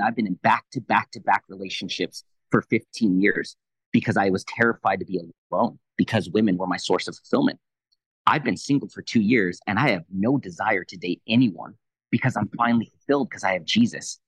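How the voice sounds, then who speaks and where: A man in his thirties with a fairly low voice tells a personal faith testimony on a podcast. He retells a conversation in a quick, animated way, playing out both sides. The sound is dry and close to the mic. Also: breathy edge, no room sound, poor audio. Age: 30s. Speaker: Christian leader, podcast guest.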